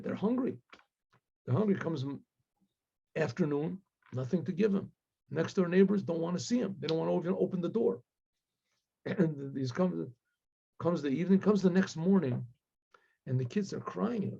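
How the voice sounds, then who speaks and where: A man with a gravelly, husky voice tells a story in a loose, animated way, clearing his throat now and then and voicing each character. His tone is dark and mellow. The recording sounds dull and lo-fi. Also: on the high side. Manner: animated, acts out voices with rising emotional pleas; frequent throat clearing and restarts. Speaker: rabbi storyteller. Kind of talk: casual spoken storytelling.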